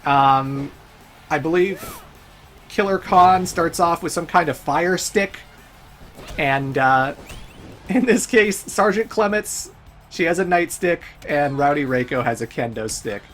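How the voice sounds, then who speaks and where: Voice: mid-range voice, slow, a bit bright, soft background music. A let's play host giving casual, chatty gameplay commentary, laughing often and swearing now and then.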